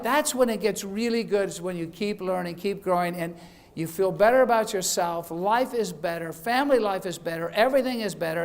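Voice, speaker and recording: A middle-aged man, founder of a beauty school, giving a chatty graduation speech, cracking jokes and laughing at them, sometimes acting out quoted voices. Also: sits high. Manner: chatty, jokey, laughs at his own jokes. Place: event hall.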